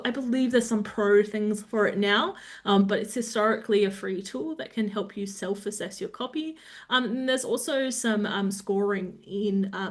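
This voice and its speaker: Aussie woman giving a webinar talk, explains things, lots of ums, bit of a laugh. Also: mid-range voice. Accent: Australian. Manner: explanatory, lightly humorous, with frequent "um". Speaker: webinar presenter.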